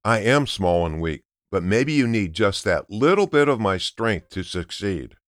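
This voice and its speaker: A man's voice: on the low side, sing-song, unhurried, dry recording, studio quality. A man voicing a small, self-assured little mouse in a read-aloud storybook. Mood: gentle. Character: small, plucky, kind little male mouse.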